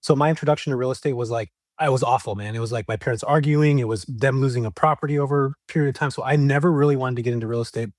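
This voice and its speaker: A middle-aged man from California telling his story as a podcast guest, animated and casual with slang. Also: medium pitch, rapid-fire, few pauses, no echo, studio quality. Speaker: guest, real estate investor.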